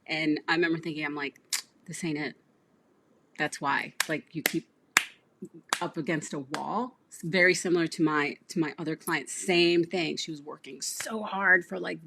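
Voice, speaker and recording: A woman's voice: low-pitched, vocal fry, a bit bright, slight background noise. A woman business coach hosting a livestream, chatting casually and telling client stories with acted-out dialogue. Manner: storytelling, acts out client dialogue, laughs often.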